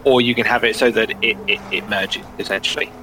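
A man's voice: lowish voice, steady tone, brisk, sharp tone, a little hiss or hum, low-quality recording. A man explaining rules casually as a player in a tabletop role-playing game, with a hedging, explanatory manner.

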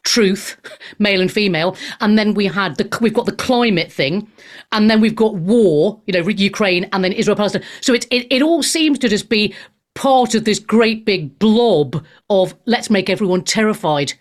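A woman hosts a talk show in a relaxed, conversational way. She asks her questions in loose, chatty phrasing and voices agreement as her guest speaks. Her voice sits at an ordinary middle pitch. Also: normal speed. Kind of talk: casual interview chat.

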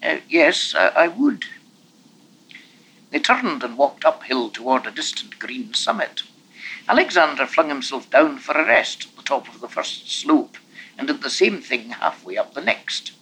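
Male audiobook narrator, bright tone, very lively pitch, measured. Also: a little hiss or hum, low-quality recording. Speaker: audiobook reader. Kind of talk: storybook narration.

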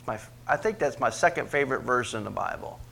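A man preaching a sermon as pastor, questioning the congregation and swinging from quiet asides to emphatic, loud peaks. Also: lively intonation, fast talker, creaky. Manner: preaches with big swings in pitch and loudness, rising to emphatic peaks; asks the congregation questions directly.

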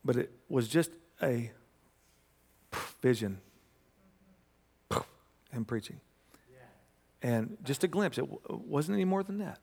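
A man's voice: mid-range voice, takes it slowly, gravelly, long pauses, breathy edge. Man preaching in a reverberant hall. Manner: animated, builds to loud emphatic preaching. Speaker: pastor. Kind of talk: sermon with storytelling.

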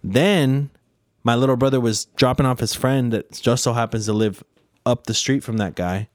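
A man's voice: mid-range voice, normal speed, darkish tone, no echo, studio quality. A young man in casual chat, swearing freely as he retells a run-in with a neighbor.

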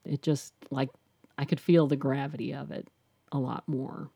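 A woman's voice: rumbling low, flat delivery, moderate pace, gravelly, dark tone, breathy edge, no echo. A middle-aged woman, a guest, telling her personal story candidly and reflectively, often restarting and saying "you know".

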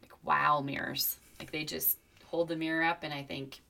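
Low-pitched woman chatting, tells stories with lots of feeling, does little voices for people. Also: moderate pace, creaky, slight background noise. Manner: animated storyteller, reflective, acts out quoted voices. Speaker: podcast co-host. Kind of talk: casual chat.

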